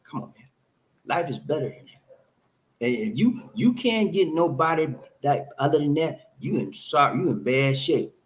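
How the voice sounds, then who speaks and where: A man's voice: a little high, lively intonation, normal speed. A man giving relationship advice to camera in a preachy, emphatic way, full of rhetorical questions and repetition. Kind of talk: talking to camera, advice monologue.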